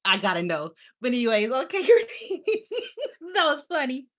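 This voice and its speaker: A woman's voice: fairly high pitch, very animated, fast, a bit bright. A woman hosting a casual livestream, chatty and affectionate, laughing often. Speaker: livestream host.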